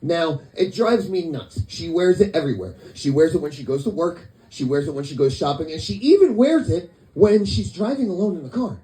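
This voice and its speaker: A man performing a stand-up comedy set in a club, telling stories in a deadpan way and quoting the people in them. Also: fairly high pitch, brisk, hardly any pauses, reverberant, low-quality recording. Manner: deadpan storytelling with quoted voices.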